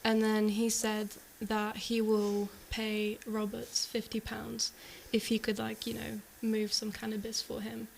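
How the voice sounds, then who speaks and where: A woman's voice: a little high, monotone, unhurried, gravelly, few pauses, slight background noise, low-quality recording. A woman co-hosting a casual true-crime show, retelling a case in a hesitant way full of "like" and "you know".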